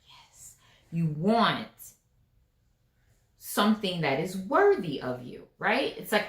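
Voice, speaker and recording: A woman's voice: fairly low pitch, very animated, takes it slowly, pauses often. A woman giving a casual tarot reading, chatty and emphatic, repeating her phrases and often checking in with "right?". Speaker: tarot reader. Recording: echoey room.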